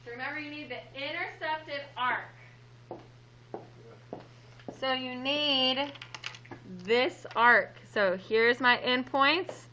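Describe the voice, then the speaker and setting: Bright, playful woman teaching a class. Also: high-pitched, a little slow, hardly any pauses, lo-fi sound, a little hiss or hum. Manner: playful, upbeat, jokes with students. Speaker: math teacher. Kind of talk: classroom lesson.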